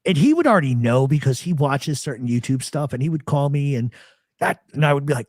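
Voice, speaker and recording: A man's voice: fairly high pitch, brisk, no echo, studio quality. A man hosting a live talk show, telling stories in casual chat and acting out the voices of people he quotes. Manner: animated storyteller, acts out quoted voices.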